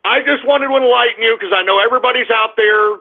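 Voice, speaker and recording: A man's voice: extremely high pitch, fast. A male radio talk show host delivering a combative, crude, ranting monologue. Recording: tinny phone-like radio sound.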